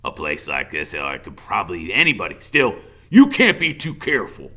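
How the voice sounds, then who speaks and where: A man voicing a cold, volatile convict father who drawls low and then barks loud threats. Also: huge pitch swings, moderate pace, husky, exaggerated voice. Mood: menacing.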